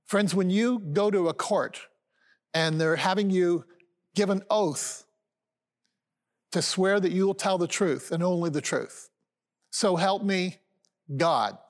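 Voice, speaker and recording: A man's voice: high voice, measured pace, long pauses. A man in his sixties preaching a sermon as a pastor, earnest and conversational, often calling his listeners friends. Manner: conversational preaching with fillers and restarts.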